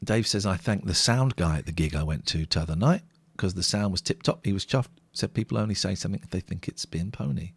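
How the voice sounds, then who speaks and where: A man's voice: deep voice, a little fast, vocal fry, breathy edge, dry recording. A man co-hosting a late-night live stream, chatting casually and reading out viewer comments in a wry way.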